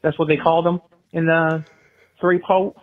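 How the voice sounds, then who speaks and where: A lisping, self-important man , as voiced by a man, rambles through a voicemail in a high voice, brushing everything aside with "blah, blah." The audio is dull and lo-fi, like a played-back phone message. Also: little pitch movement, moderate pace, close to an everyday voice. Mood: rambling. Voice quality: lisp. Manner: dismissive, trails off into "blah, blah". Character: boastful petty man leaving rambling voicemails.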